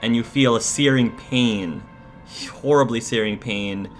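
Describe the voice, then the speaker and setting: A man narrating a horror scene as game master, slow and hesitant, with frequent fillers. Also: mid-range voice, soft background music.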